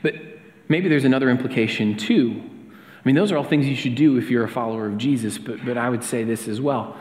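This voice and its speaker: A pastor in his thirties speaks from the front of a church. He talks in a relaxed, conversational way, with plenty of fillers and restarts. His voice sits at a middle pitch and rings around a reverberant hall. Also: brisk. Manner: casual, chatty, with fillers and restarts. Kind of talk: sermon with a personal story. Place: church sanctuary. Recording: echoey hall with long reverb.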